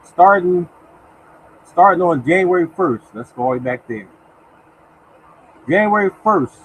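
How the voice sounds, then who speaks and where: A man hosts a casual live lottery stream, his voice sitting somewhat high for a man. He chats loosely with viewers, calls them by name and reads number after number aloud. A faint hum sits behind him. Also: lively intonation, unhurried, phone-quality sound. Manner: mutters softly to himself while searching. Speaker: lottery show host.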